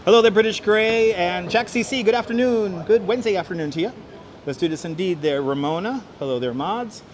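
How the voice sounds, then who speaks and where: Male livestream host, slightly high voice, upbeat and chatty, greets viewers one by one. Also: brisk, a little hiss or hum. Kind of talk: walking livestream, reading chat aloud. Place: city streets and a large indoor station hall. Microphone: wireless clip-on mic.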